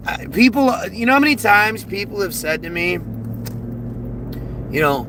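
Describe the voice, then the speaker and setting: A man's voice: high-pitched, sing-song, measured pace, noisy background. A man ranting heatedly and profanely on a livestream, reading chat and often restarting his sentences. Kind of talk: casual livestream rant.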